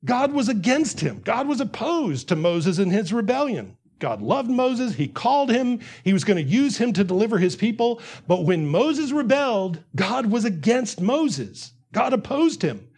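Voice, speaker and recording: Male preacher, sermon, earnest, high voice, very animated pitch. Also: moderate pace, hardly any pauses, husky. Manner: earnest, repeats phrases, acts out quotes.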